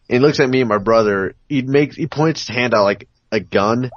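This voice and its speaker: A man rambles through a story on a casual podcast call and swears freely. His voice is on the low side. The sound is dry and muffled, like a lo-fi call. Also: no room sound. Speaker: podcast co-host. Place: home on an online call.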